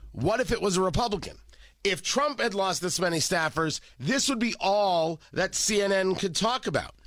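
A male talk radio host with a lively, swooping delivery and a pitch a bit above the usual for a man. He is sarcastic and opinionated, stumbling and repeating words as he goes, and sounds a touch stuffy. The studio sound is dry and close. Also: no room sound. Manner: animated, sarcastic, frequent repetitions and restarts. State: stuffy from a cold.

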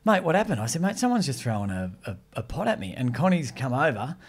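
A man, a podcast host, telling stories in casual chat with an animated manner, often laughing. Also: medium pitch, fairly quick, slightly rough.

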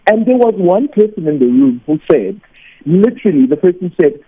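A man, a teacher and radio host, calling in to tell an animated story and acting out the people in it. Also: high voice, moderate pace, slightly rough. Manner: animated anecdote, acts out quoted voices. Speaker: teacher and weekend radio host, phone guest. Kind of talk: storytelling on a phone call. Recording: tinny phone line.

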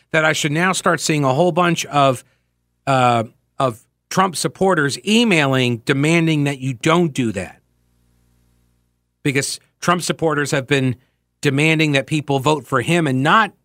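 Opinionated talk radio host, dry studio sound. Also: male voice, fairly high pitch, a bit bright, dry recording. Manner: opinionated, rambling, reads listener emails aloud. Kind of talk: conversational political talk radio.

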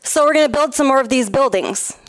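Woman, public comment, impassioned, pointed, fairly high voice. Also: a little fast. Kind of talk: public comment at city council.

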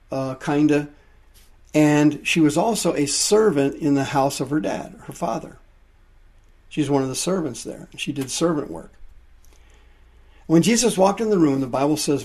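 Slow-preaching man with a husky voice. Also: a little high, darkish tone. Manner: explains Greek words, drawn-out emphatic delivery. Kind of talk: sermon, Bible teaching.

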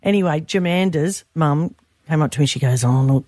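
A woman's voice: sits low, normal speed, a little mellow, no echo, studio quality. A woman co-hosting breakfast radio, telling a chatty story and giggling often. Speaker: radio co-host.

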